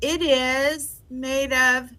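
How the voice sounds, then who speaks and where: A woman's voice: high-pitched, fairly even intonation, very slow, pushed and bright. A woman improvising a fussy, prim airplane passenger. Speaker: improv performer.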